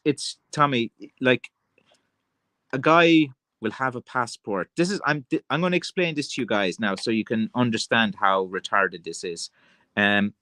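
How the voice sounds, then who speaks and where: A man with an Irish accent hosting a livestream, ranting in a rambling, excitable way, full of "like" and "you know" and calling people "man" and "lads". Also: mid-range voice, no room sound. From Ireland. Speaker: livestream host. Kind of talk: casual rant on a livestream.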